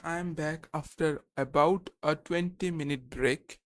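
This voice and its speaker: A young man on a live study stream, thinking aloud and slowly sounding out syllables, pausing to check himself. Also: on the high side, dry recording. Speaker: language learner streaming study session.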